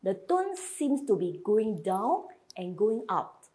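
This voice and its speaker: Slow, patient woman teaching sounds. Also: medium pitch, very animated, warm tone. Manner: patient, spells out and repeats each sound. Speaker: language teacher. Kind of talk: slide lesson.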